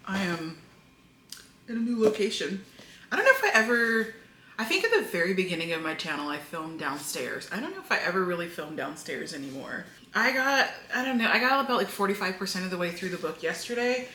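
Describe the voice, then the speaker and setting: A woman chatting casually to the camera at home, animated and playfully dramatic, talking to her viewers. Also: medium pitch, fairly quick. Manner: animated, self-mocking and dramatic. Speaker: book vlogger. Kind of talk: casual vlog chat. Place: at home, indoors. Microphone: camera mic.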